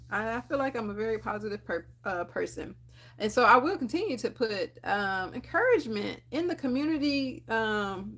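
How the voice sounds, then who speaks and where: A young adult woman, a dental hygienist, talking casually to camera with animated, laughing encouragement and frequent fillers. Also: a little high. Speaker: dental hygienist and channel host.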